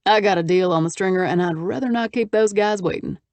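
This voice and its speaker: A woman voicing a confident, wry businessman with a Texas accent and a deep baritone in an audiobook. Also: fairly quick, a little mellow, no room sound, natural voice. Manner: easygoing, wry drawl. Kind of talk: audiobook character voice.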